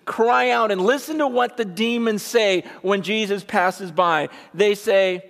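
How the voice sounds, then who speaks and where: A man's voice: high-pitched, measured pace, vocal fry, hardly any pauses, fairly bright tone. Emphatic preacher, man, echoey hall. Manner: emphatic, rhetorical questions to the congregation. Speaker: pastor. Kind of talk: sermon.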